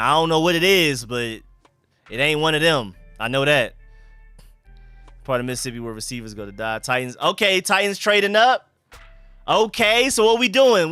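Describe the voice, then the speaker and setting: Bright-voiced man streaming live. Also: medium pitch, clean tone. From Atlanta, USA. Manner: relaxed, slangy, bursts of hype calling out picks. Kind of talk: casual live-stream chat reading comments.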